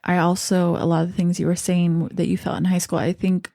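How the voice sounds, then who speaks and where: Young woman, podcast host, chatty, lowish voice, dry close sound. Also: flat delivery, vocal fry, warm tone, no room sound. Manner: chatty, reminiscing, quick asides. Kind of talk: casual chat.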